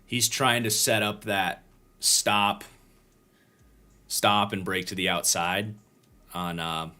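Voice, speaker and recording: A man's voice: lowish voice, little pitch movement, slow, pushed and bright. A tired man hosting a livestream, casually breaking down football game film and thinking aloud with frequent restarts. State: tired, yawning. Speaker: host and football draft analyst.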